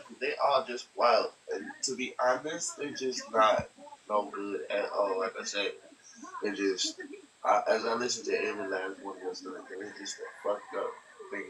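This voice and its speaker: A man's voice: fairly low pitch, moderate pace, roomy sound. Teasing man host, far from mic, noise behind. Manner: teasing, blunt, uses slang. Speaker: radio show host. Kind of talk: casual chat on a live stream. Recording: distant mic with background noise.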